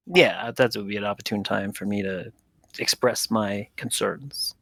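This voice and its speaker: A man's voice: lowish voice, unhurried, gravelly, a bit bright. A man playing a character in a tabletop role-playing game, talking casually and earnestly. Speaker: player.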